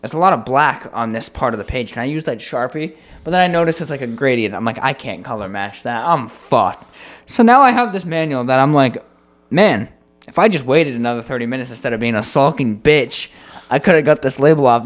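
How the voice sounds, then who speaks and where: A man co-hosting a podcast, telling a story in casual chat with an animated, profane manner. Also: medium pitch, brisk. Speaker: podcast co-host.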